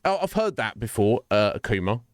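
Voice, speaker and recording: Lively rambling male streamer. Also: lowish voice, brisk, no echo, studio quality. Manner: rambling, animated, laughs often. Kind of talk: casual livestream chat.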